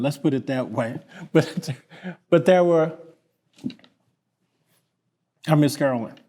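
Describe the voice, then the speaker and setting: A pastor from Kentucky speaks in a slow, deliberate way, pausing often as he gives a memorial tribute. His voice sits at an ordinary male pitch and his manner is reflective and halting. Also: a little mellow. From Lynch, Kentucky.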